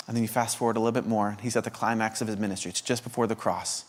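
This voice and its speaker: A man's voice: on the low side, flat delivery, fast talker. Impassioned man preaching a sermon. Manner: impassioned, with repeated rhetorical questions; restarts and stammered repetitions when pressing a point. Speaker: guest preacher.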